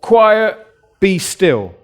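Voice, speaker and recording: A man's voice: high-pitched, very slow, clean tone. Man preaching a casual sermon. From South West London. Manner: informal storytelling with lively acted-out quotes. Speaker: pastor. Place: church.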